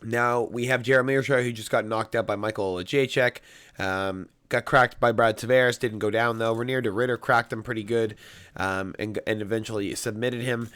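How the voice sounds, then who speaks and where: A man's voice: mid-range voice, fairly even intonation, normal speed, fairly bright tone. Brash, rambling male fight pundit. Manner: brash, rambling and emphatic, with heavy swearing. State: voice getting hoarse. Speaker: MMA fight analyst. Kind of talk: casual fight predictions.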